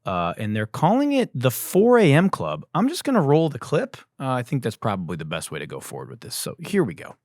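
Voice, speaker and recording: A man hosting a satirical news show, ranting loudly and swearing, his voice going hoarse from yelling. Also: huge pitch swings, fairly quick, few pauses, dry recording, studio quality. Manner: swings from loud yelling to low mutters, swears. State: losing his voice. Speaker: comedy news host.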